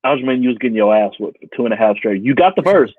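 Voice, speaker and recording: Co-host type, male, lively swinging delivery, profane and laughing often, thin phone-like audio. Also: medium pitch, racing, slightly rough, no room sound. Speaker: podcast co-host. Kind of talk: casual sports banter. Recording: tinny phone-like sound, dry.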